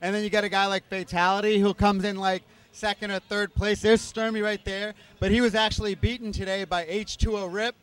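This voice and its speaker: A man as interview guest, explaining a product in a steady, clear way. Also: sits high.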